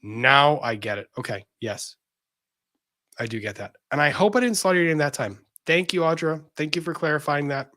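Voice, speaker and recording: A man's voice: on the high side, animated, normal speed, bright, forceful tone. Chatty man reading viewer messages. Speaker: livestream host reading super chats. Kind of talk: casual livestream chat.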